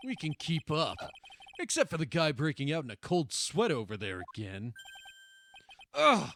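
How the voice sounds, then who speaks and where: A game streamer with a mid-range voice reads dialogue aloud at a normal speed, his pitch swinging widely and his tone a bit bright. Playful and swearing often, he jokes around and tries out silly voices in this casual gameplay commentary, with slight background noise behind him.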